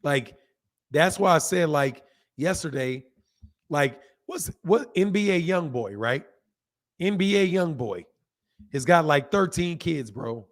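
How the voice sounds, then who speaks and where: Livestream boxing host, hoarse man, a bit high-pitched, talks straight at chat and repeats himself. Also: lively intonation, slow. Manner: reads out chat comments. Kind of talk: casual livestream commentary.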